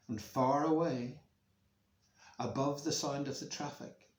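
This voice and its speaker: A man's voice: mid-range voice, highs cut off. A male music teacher reading a story to schoolchildren, acting out the sounds with expression, recorded in a room at home. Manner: slow, expressive, making sound effects for kids. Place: room at home near a main road, window open. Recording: roomy echo.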